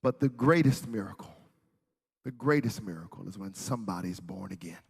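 A male pastor preaching a sermon, telling a story and then building to shouted preaching in a church. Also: low voice, expressive, a little fast, gravelly, slightly rough. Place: church hall. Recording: hall reverb.

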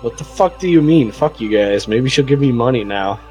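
A man's voice: mid-range voice, expressive, normal speed, mellow, faint music behind. A man playing a tabletop game, talking brashly and swearing freely in casual chat. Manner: brash, profane, laughing.

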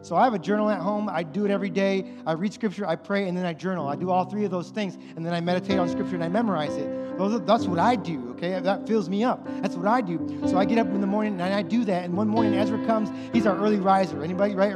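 A man in his thirties preaching a sermon to parents, casual and conversational, often repeating his phrases. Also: sits high. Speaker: pastor. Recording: long hall reverb with loud music underneath.

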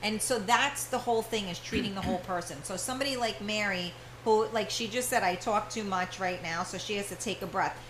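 A woman's voice: mid-range voice, fairly quick, hardly any pauses, fairly bright tone, reverberant, slight background noise, rough recording. A woman hosting a live internet radio talk show, talking casually with many fillers and restarts.

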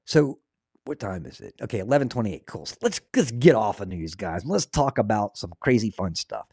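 A man hosting a casual religious talk show, speaking with earnest, excitable preaching energy. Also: fairly low pitch, normal speed, slightly rough, dry recording, clean studio sound. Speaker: host.

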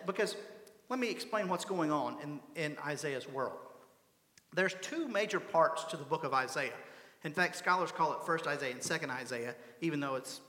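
A man's voice: on the high side, pushed and bright. A middle-aged man, a pastor, preaching a sermon in a conversational way and often checking in with the congregation. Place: church sanctuary. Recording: echoey church hall.

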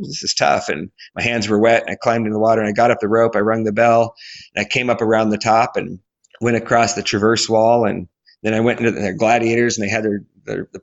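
An athlete in his forties from Alaska tells his story as a guest in a podcast interview, animated, acting out quotes and restarting often. His voice is fairly low, and the recording has its highs cut off.

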